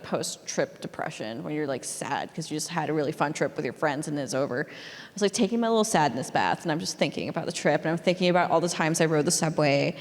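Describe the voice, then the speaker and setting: An author guest chatting loosely in a live interview, laughing often and full of fillers. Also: female voice, low-pitched. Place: library hall before a live audience. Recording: long reverb of a large hall.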